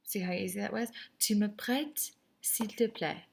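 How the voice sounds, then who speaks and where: Upbeat woman language teacher with a husky, gravelly voice, talking students through notes. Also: medium pitch, normal speed, a little mellow. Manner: upbeat, chatty, encouraging. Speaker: French teacher. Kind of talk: recorded class lesson.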